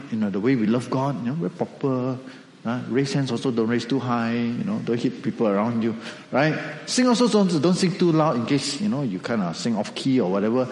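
A man preaching a sermon, animated storytelling with acted asides. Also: medium pitch, roomy sound, long reverb tail, low-quality recording. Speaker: pastor.

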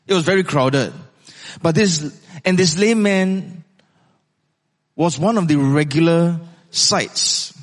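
A male preacher retelling a scripture story in a sermon, with dramatic pauses and rhetorical questions. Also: fairly high pitch, big-room sound.

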